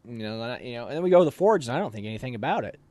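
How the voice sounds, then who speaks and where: Young man, casual storytelling, animated, dry close sound, mid pitch. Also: rapid-fire, no echo. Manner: animated, laughs while telling, acts out quotes. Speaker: interviewee telling army training stories.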